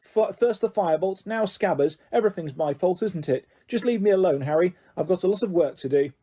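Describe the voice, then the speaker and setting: A man voicing an earnest, bookish teenage witch who turns shrill and defensive. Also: animated, brisk, mellow, husky. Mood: shrill upset. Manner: earnest, then shrill and upset.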